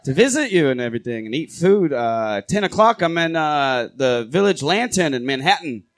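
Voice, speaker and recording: Comic guest, male, high and animated voice, rambling bravado, live show banter. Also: moderate pace. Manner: rambling, laughing, mock Asgardian bravado. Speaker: comedian guest. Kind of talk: improvised comedy banter. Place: live comedy show before an audience.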